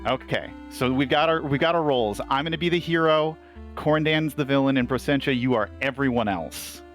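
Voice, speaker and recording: A man showing off his game run in easy, casual conversation. His voice sits in a middle range, and he keeps the others organized with a relaxed, filler-dotted delivery. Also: mid-range voice, a little fast, soft background music. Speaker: player presenting a game run. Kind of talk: casual chat.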